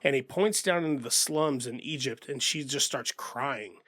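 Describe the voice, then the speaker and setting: A man's voice: medium pitch, moderate pace, fairly bright tone, no echo. Blunt swearing man on a movie podcast. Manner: blunt, swears often, acts out characters. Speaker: podcast co-host. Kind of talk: casual movie chat.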